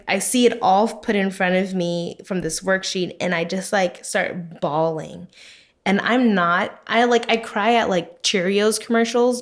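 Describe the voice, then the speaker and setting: A woman in her thirties co-hosting a podcast, telling a personal story in casual chat full of fillers. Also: medium pitch. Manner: chatty storytelling, many fillers, laughs often. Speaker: podcast co-host.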